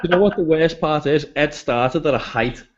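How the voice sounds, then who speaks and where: A man's voice: fairly high pitch, moderate pace. A man hosting a casual video-call show, telling jokey stories in a chatty way. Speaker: podcast host. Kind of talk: casual chat. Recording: slightly muffled call audio.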